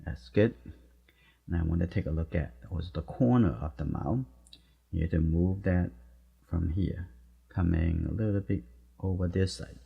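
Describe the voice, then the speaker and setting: Low gravelly man teaching watercolor. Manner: soft-spoken, encouraging, talks while painting in short phrases. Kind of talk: live painting demonstration. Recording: dull, muffled recording.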